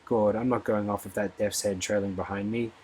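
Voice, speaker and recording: A chirpy young woman with a thick South London accent rattles on in a friendly way, as a male reader puts her on. The voice stays fairly low with faint noise behind it. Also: steady tone, fairly quick, a little mellow, natural voice. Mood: cheerful. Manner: breezy and chatty. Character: cheerful young Cockney girl in finery.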